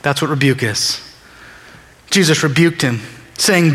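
A man with a slightly high, somewhat bright voice preaches unhurriedly, pausing often. His sermon feels conversational, with dialogue acted out in character voices, all wrapped in the long reverb of a large hall.

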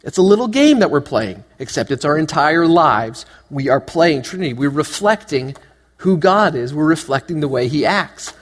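Lively male pastor, echoing hall. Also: fairly high pitch, moderate pace. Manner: animated, joking, asks the congregation many questions. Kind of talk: sermon. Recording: long hall reverb.

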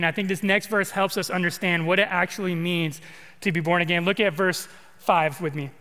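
A man from California preaches with a high, ringing voice, talking to the congregation in a loose, conversational way and often repeating his words. His sermon carries a long reverb from the hall. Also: steady tone, a little fast, sharp tone. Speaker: pastor.

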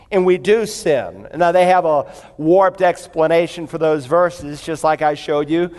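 A man's voice: a little high, long reverb tail. A man preaching a sermon, telling a story and then working through verses in an emphatic, conversational way. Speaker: pastor.

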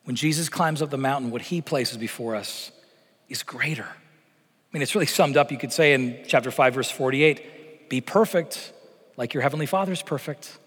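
A male pastor preaching a sermon in an animated, conversational way, mixing humor with earnest appeals. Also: medium pitch, moderate pace, breathy edge, long reverb tail. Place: church sanctuary.

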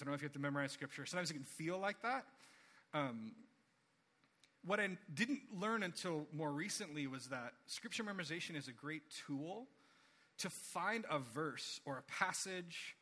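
Bright, animated male preacher. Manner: animated storytelling, acts out quotes with big pitch jumps; conversational and earnest. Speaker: pastor. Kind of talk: sermon.

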